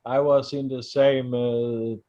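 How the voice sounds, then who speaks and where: Slow halting man on a dull line. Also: medium pitch, flat delivery, warm tone. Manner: slight stutter, halting. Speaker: caller on a live stream chat. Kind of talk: casual chat.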